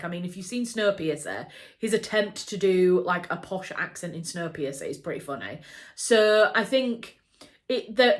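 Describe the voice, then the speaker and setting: A woman from England chatting enthusiastically to camera about a book adaptation, with frequent fillers and restarts. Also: fairly low pitch. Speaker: book vlogger. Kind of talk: casual chat to camera.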